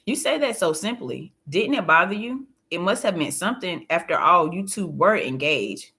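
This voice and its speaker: A woman reading as a calm, probing counselor. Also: lowish voice, moderate pace. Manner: gentle, coaxing questions. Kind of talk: audiobook narration.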